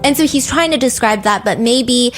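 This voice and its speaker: A woman in her thirties hosting a podcast, telling a story in casual chat and acting out quotes with lively asides. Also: fairly high pitch, soft background music. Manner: animated, quick asides, acts out quotes. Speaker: podcast host.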